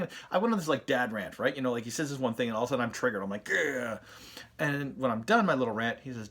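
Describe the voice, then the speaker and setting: Guy chatting on camera about tips, rambly and friendly, lots of ums and restarts, mid pitch. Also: racing, a bit bright, slightly rough. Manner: chatty, storytelling, many fillers and restarts. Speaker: host of an SEO channel. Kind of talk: casual talking-head advice.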